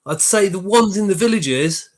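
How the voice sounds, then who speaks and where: A man's voice: sits high, expressive, normal speed. A man hosting a casual livestream, reading the chat aloud, swearing freely and fighting a cold. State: has a cold.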